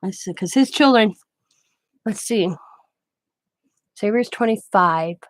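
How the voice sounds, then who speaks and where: A woman's voice: mid-range voice, slow pace, no echo. A middle-aged woman hosting a craft livestream, chatting casually and rambling through anecdotes while she works. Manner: rambling anecdotes, quoting others in her own voice. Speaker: craft channel host.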